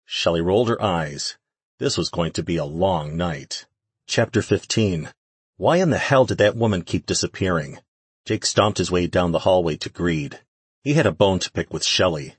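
A man narrating a fantasy audiobook in a steady, even reading. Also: low voice, moderate pace, husky, no room sound. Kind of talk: scripted narration.

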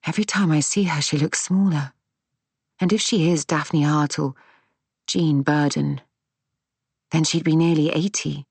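A woman reading the part of a bitter, angry middle-aged daughter who speaks crisply, in a storybook reading. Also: low-pitched, steady tone, measured pace, pauses often, darkish tone, no echo, heavily acted. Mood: hushed. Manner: crisp, hard-edged.

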